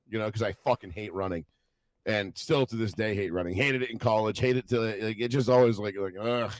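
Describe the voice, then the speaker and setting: A young man co-hosting a podcast, rambling through stories in casual chat, swearing a lot and acting out what people said in lively voices. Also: medium pitch, fast talker, no room sound. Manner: rambling storytelling, heavy swearing, animated quoted voices. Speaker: podcast co-host.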